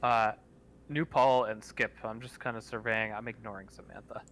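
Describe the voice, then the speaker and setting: Bright-voiced blunt man playing a tabletop game. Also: lowish voice, steady tone, normal speed. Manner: blunt, confrontational. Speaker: player.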